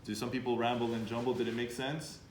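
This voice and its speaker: A man leads a lively student workshop, quizzing and encouraging the room. His voice sits in a middle register and bounces around a reverberant hall. A faint hum of the room lingers behind him. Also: medium pitch, quick pace. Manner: upbeat, coaxing audience with questions. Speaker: workshop speaker. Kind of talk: interactive workshop talk. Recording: echoey room, faint background noise.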